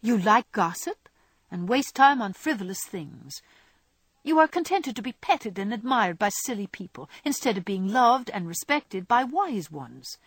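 A woman playing a frank young woman laying out her criticisms in earnest, with a lively, swooping delivery. The voice is slightly breathy and recorded close and dry. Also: mid-range voice, a little slow, dry recording, heavily acted. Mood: earnest scolding. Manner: earnest, lecturing. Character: earnest, sharp-tongued young woman scolding. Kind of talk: audiobook character reading.

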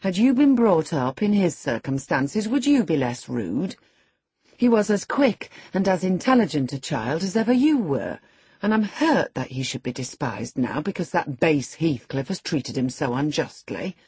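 A woman's voice: low-pitched, sing-song, moderate pace, darkish tone, breathy edge, dry recording, full character voice. A woman voicing a firm, scolding housekeeper. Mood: reproving. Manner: firm, reproving, earnest.

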